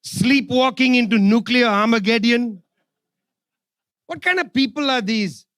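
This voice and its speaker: Brief: male speaker, high voice, fiery sarcastic rally speech, dry close sound. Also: a little slow, fairly bright tone, dry recording. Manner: sarcastic, repeats phrases for emphasis. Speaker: speaker at a political forum. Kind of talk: impassioned public speech. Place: forum event hall.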